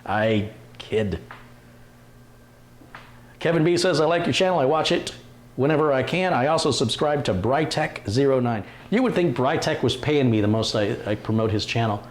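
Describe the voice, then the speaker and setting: A man's voice: medium pitch, expressive, normal speed. A man hosting a live stream, chatting casually, joking and reading viewer comments aloud. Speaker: livestream host. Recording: roomy echo, faint room noise.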